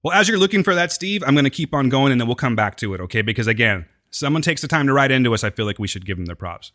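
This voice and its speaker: A man's voice: mid-range voice, lively intonation, very fast, fairly bright tone. An American man co-hosting a podcast, recapping a TV episode in casual chat and teasing his co-host with jokes. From United States.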